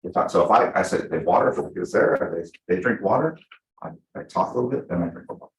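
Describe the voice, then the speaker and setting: A man teaching real estate agents at a team meeting, talking fast and acting out his examples. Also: sits low. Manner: energetic, fast, full of acted-out examples. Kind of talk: live team training class. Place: meeting room with a small audience. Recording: echoey room.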